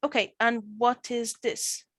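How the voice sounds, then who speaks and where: A woman's voice: fairly high pitch, steady tone, measured pace, no room sound, rough recording. A woman teacher running an online training session, explaining drilling and modelling example sentences with repeated phrases.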